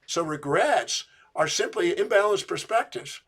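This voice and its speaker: A man with a somewhat high voice teaches as a self-help speaker. He talks emphatically and presses with questions, often repeating words as he tells a client's story. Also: lively intonation, measured pace, fairly bright tone.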